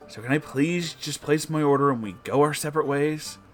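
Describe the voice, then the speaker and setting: A man's voice: on the high side, a little fast, soft background music, pitched above the performer's own voice, natural voice. A man voicing a blunt young woman from a storybook reading, speaking in a curt, dismissive way.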